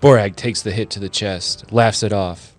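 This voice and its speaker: A man's voice: on the low side, fairly even intonation, normal speed, faint music behind. A man player narrating punches and dodges in a playful, dramatic way. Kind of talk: casual tabletop narration.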